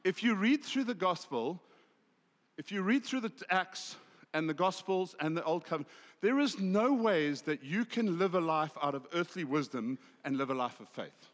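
A South African man preaching a sermon, swinging from loud emphasis to hushed asides. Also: sits high, expressive, moderate pace, long reverb tail. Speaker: pastor.

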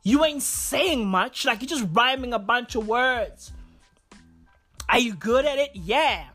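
Very high-pitched, pushed and bright, this man's voice moves slowly with lively intonation as faint music plays behind him. Solo on his own podcast, he rants casually in profane street slang, repeating himself and relying on fillers.

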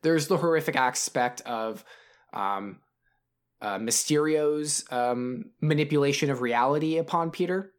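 A man's voice: fairly high pitch, measured pace, clean tone. A man co-hosting a podcast, chatting casually about films, rambling with many restarts and fillers. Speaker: podcast co-host.

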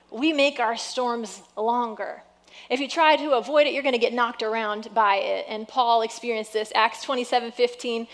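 A woman pastor preaching a sermon in a lively, conversational way. She mixes encouragement with self-deprecating humor, and her voice sits a little on the high side. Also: in a large hall.

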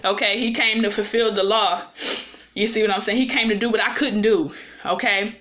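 Woman preaching kinda casual, bright clear voice, keeps asking if you follow her. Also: mid-range voice, steady tone, normal speed. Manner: conversational, checks in with listeners often; personal and confessional. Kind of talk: informal sermon.

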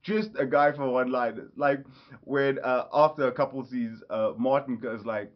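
A mid-range male voice at normal speed gives an enthusiastic, rambling movie review in a casual vlog, often correcting himself. The lo-fi audio sounds slightly dull.

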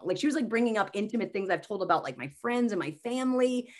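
High-energy woman comedian telling stories. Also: fast, few pauses. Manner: high-energy, animated storyteller. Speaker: comedian and mental health speaker, guest. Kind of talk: casual podcast conversation.

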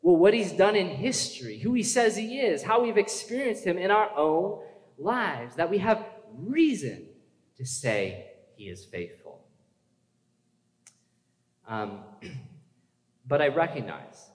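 A man's voice: high-pitched, sing-song, slow, pauses often. A man preaching a sermon in a conversational way, asking the congregation questions and building to urgent emphasis. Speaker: pastor. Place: church hall. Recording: echoey hall with long reverb.

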